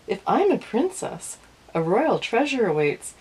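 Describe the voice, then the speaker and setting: A woman voicing a bold, bossy young pirate girl in a storybook reading, with a husky voice and lively pitch. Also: measured pace, heavily acted, low-quality recording. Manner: commanding, brash.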